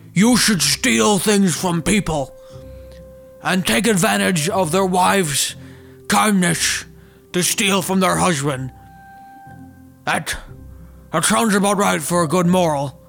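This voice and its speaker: A man's voice: sits high, fairly bright tone, exaggerated voice. A man doing an impression of a rambling elderly former president, telling a fairy tale as a comic story. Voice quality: gravelly, rambling, digressive.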